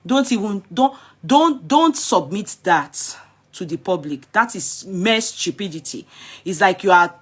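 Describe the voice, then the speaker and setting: A Nigerian woman with a Yoruba accent giving animated, scolding commentary in a casual vlog. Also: medium pitch, measured pace, breathy edge.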